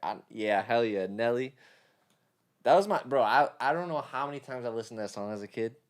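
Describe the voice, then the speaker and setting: A young man from New York with a matching accent, talking to his live stream viewers while he mixes tracks. He is loose and casual, trades slang and swears without a second thought. His voice sits at an ordinary middle pitch and is recorded close on a desk mic. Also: animated, a little fast. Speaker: mixing engineer streaming live. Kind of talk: casual livestream chat.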